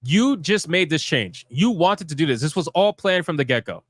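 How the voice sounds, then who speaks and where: A man's voice: on the high side, very animated, normal speed, dry recording, studio quality. A man hosting a live stream, giving heated, profane commentary in a fired-up, emphatic way.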